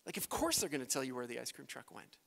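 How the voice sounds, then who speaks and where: A man's voice: medium pitch, very animated, quick pace, creaky, fairly bright tone. Canadian-raised male missionary preaching, earnest and emphatic, in a reverberant church hall. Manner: earnest, builds to emphatic peaks. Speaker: missionary speaker. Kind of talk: sermon with closing prayer. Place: church sanctuary.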